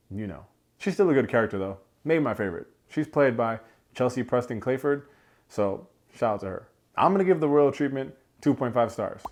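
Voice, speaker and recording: A man hosting a casual film review, animated, slangy and joking as he rants. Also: medium pitch. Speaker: movie reviewer, channel host.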